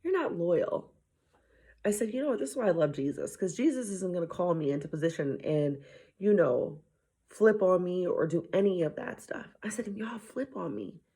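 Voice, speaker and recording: A woman with a husky, slightly breathy voice tells a story about her children in a casual faith talk. She acts out what she said to them and slips into hushed whispers now and then. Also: lowish voice, moderate pace. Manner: animated retelling, dropping to a whisper at times. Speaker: mother sharing a faith message.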